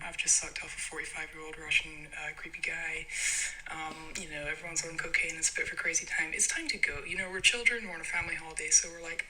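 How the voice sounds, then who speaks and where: A young woman with a Scottish accent recounts a story in a loose, rambling voice note, with frequent little laughs. Her voice is very bright and sharp, with a faint hiss of noise behind it. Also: on the low side, low-quality recording. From Scotland. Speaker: listener sending a story.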